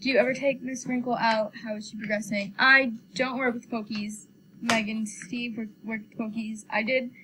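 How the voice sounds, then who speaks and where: A woman's voice: a little high, moderate pace, a little hiss or hum. A young woman, a dog trainer chatting casually and animatedly retelling conversations. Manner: chatty, animated when quoting people. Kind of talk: casual chat.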